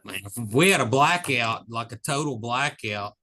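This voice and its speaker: Bright-voiced joking man. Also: medium pitch, lively intonation. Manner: joking, quick to laugh, wry asides. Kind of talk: casual podcast chat.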